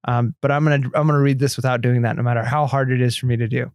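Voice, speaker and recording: A man's voice: medium pitch, little pitch movement, very fast, a little mellow, smooth, dry recording, clean studio sound. A man co-hosting a casual podcast, chatting and reading listener messages aloud in an encouraging way. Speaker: podcast co-host.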